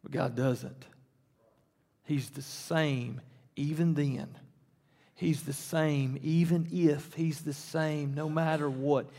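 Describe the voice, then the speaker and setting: A man's voice: a little high, steady tone, slow pace, gravelly, mellow. A man pastor preaching a sermon in a church, talking conversationally and then rising to emphatic peaks. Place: church sanctuary. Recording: long reverb in a church hall.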